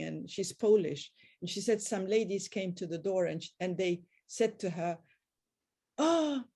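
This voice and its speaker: A woman's voice: mid-range voice, dark tone. An older woman telling family anecdotes on a group video call, often quoting past conversations. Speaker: guest.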